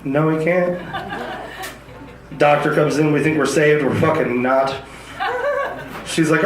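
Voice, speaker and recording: A man's voice: a little high, lively intonation, measured pace, long pauses. A man performing a crude, self-deprecating stand-up set on a club stage into a handheld mic. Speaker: stand-up comedian. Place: comedy club stage before a live audience. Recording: echoey club with audience laughter.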